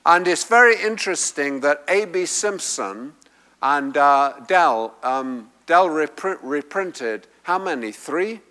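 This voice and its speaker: Male preacher, slow and emphatic, lively pitch, higher voice, church hall reverb. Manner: emphatic, repeats key phrases. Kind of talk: sermon teaching from the Greek text.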